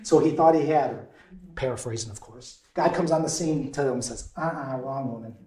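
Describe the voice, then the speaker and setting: A man acting as a deacon leads a lively, conversational Bible study, quizzing the group and chuckling frequently. His mid-range voice is brisk, and the room is echoey.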